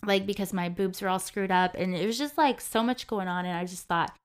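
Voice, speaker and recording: Chatty young woman with a smooth voice. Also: medium pitch, a little fast. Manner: chatty, heavy use of "like". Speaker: interview guest. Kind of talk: personal story in casual conversation. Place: in person with the host.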